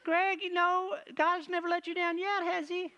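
A man imitating his wife, who reminds him of scripture in a high, chiding falsetto. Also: little pitch movement, moderate pace, pushed and bright, highs cut off, exaggerated voice. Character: nagging, scripture-quoting wife.

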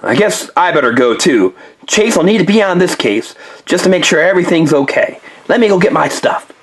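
A man voicing a dutiful, steady male police pup in a toy story, matter-of-fact. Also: sits high, brisk.

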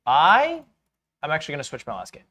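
A man's voice: on the high side, huge pitch swings, fast talker, sharp tone. A man hosting a stream, chatting casually with a playful, teasing manner. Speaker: streamer host. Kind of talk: casual gaming chat.

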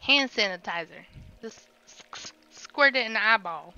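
A woman's voice: fairly high pitch, moderate pace, clean tone, highs cut off. A woman streaming a video game, commenting live and yelping when she gets scared, on a desk microphone. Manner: excitable, shrieks and yelps when scared.

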